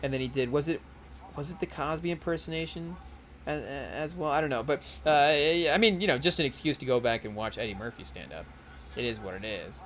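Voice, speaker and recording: A young man on his podcast, rambling casually through a live game, stacking fillers and breaking off to try quick celebrity impressions. His voice sits a little high for a man, with faint noise in the background. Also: fairly bright tone. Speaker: podcast host.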